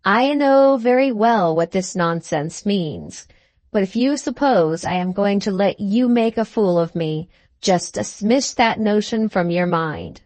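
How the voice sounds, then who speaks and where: A woman narrator voices a cold, sneering husband in an audiobook, drawling each word in a slow, cutting, superficial way that carries cold menace. The mid-range, darkish voice is expressive but only lightly acted. It sounds dry and close, with no echo or room around it.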